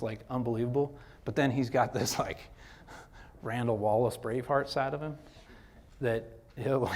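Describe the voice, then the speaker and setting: A man giving a casual motivational lecture to students as a guest executive speaker, animated and slangy, full of "like" and "dude.". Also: medium pitch.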